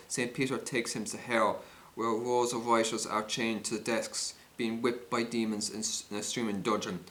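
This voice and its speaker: Man, joke reader, mid pitch, stumbles and restarts. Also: a bit bright. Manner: stumbling, frequent restarts and self-corrections. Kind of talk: reading jokes aloud.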